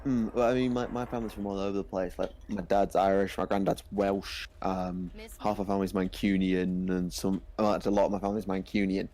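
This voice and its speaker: A man's voice: low voice, level tone, brisk, few pauses, darkish tone. A man chatting casually on a livestream, rambling with frequent restarts. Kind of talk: casual chat.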